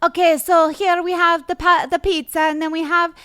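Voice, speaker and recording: A woman mimicking another woman's put-on Spanish-sounding accent, halting as she searches for simple words. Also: extremely high pitch, level tone, fairly bright tone, pitched above the performer's own voice. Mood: mocking. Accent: faked Spanish-sounding accent. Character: woman faking a breathy exotic accent. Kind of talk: mocking impression.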